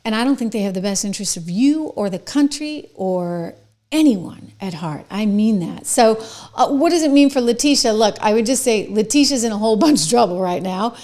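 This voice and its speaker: A woman's voice: a little high, expressive, a little fast, warm tone. A middle-aged woman hosting a political commentary monologue, sarcastic and mocking.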